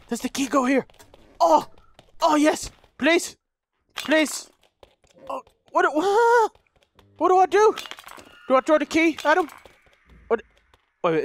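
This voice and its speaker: A man's voice: high-pitched, fairly bright tone, slight background noise. A man doing let's play commentary, jumpy and profane, shrieking when startled and muttering repeated nervous words. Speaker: gameplay commentator. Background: game music.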